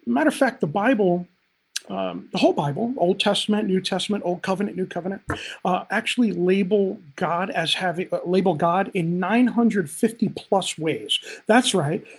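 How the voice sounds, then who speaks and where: A man's voice: sits high, normal speed, slightly rough. A man speaking as a pastor on a livestream, upbeat and talking straight to viewers in the chat. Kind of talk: livestream Bible teaching.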